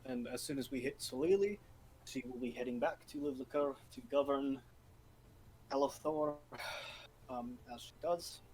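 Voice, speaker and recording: A man's voice: medium pitch, normal speed, long pauses, a little mellow, slight background noise, close to an everyday voice, poor audio. A man voicing a weary middle-aged convoy leader who is a devoted father, speaking in a dry, matter-of-fact way.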